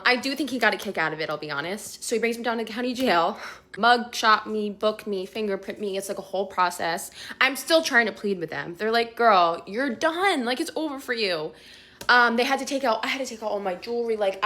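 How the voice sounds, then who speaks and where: A young woman telling a casual storytime vlog, chatty and animated, full of filler words, swearing and laughter. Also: on the high side.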